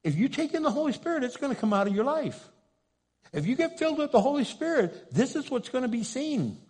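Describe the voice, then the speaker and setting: A man who is a pastor, preaching a sermon with passion, rising to loud pleading and dropping to hushed asides. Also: very high voice, sing-song, brisk, husky.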